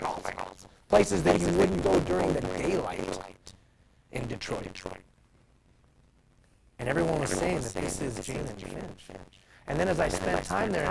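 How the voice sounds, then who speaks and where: A man giving a live motivational talk, telling stories in an animated way and putting questions to the audience. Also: fairly high pitch, creaky, heavy background noise. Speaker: motivational speaker. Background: crowd.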